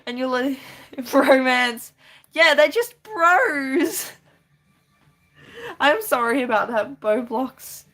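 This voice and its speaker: Woman streamer, slightly high voice, giggly and chatty, draws while she talks to chat. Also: lively intonation, slow pace, long pauses, bright, forceful tone. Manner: giggly, chatty, reads chat aloud and answers with many restarts. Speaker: live-streaming artist. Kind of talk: casual live-stream chat while drawing.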